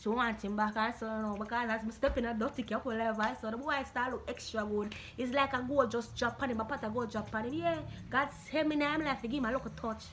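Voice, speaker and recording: Jamaican woman, high voice, blunt animated vlog answers, faint room noise. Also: fast, hardly any pauses. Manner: animated, blunt, Patois-laced storytelling. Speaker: YouTuber answering viewer questions. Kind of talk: casual Q&A vlog.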